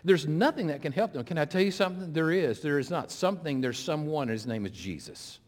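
A middle-aged man, an interim pastor, preaching a sermon, swinging between loud, pressing appeals and hushed, slow retellings. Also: on the high side. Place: church sanctuary. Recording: long hall reverb.

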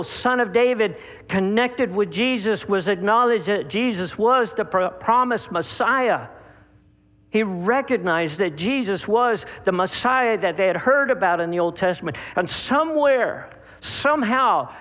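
A man preaching a sermon, speaking to his listeners directly and stressing key words by drawing them out, with sharp rises and drops. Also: high-pitched. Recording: long hall reverb.

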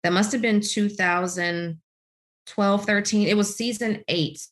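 A middle-aged woman from the United States telling her career story in an interview, animated and full of "you know" fillers. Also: unhurried. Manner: animated storytelling, voices quotes with big pitch leaps. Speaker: guest, author. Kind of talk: podcast interview, personal story.

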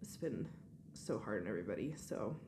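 A woman's voice: very deep voice, expressive, fairly quick, reverberant, background noise. A woman figure skating coach talking in a heartfelt, reflective way during a casual interview. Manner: heartfelt, reflective, laughs often.

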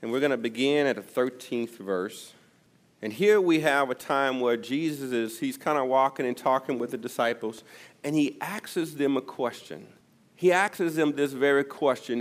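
A male pastor preaching a sermon, his delivery swinging from loud emphasis to near-whispers. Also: medium pitch, moderate pace. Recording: long reverb of a church hall.

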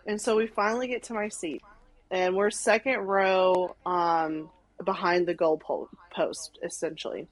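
A young woman from Arkansas, a podcast guest telling a story in animated casual chat, full of "like" and acted-out quotes. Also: mid-range voice, moderate pace, rough recording. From Arkansas, USA. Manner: animated, many "like"s, acts out quotes.

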